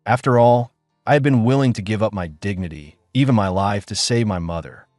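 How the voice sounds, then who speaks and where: Low-voiced man narrating a drama. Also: brisk, darkish tone, no room sound, faint music behind. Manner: weary, bitter storytelling. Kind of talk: first-person audiobook drama narration.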